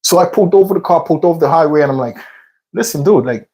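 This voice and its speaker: Between workout sets, a vlog host tells a rambling personal story in a casual way, repeating himself and leaning on lots of fillers. His voice is a little high and a little mellow, he talks very fast, and the recording is rough.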